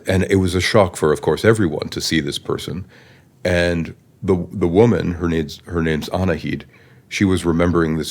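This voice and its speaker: Very deep-voiced man telling a story. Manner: chatty, animated storyteller. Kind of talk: anecdotal interview storytelling.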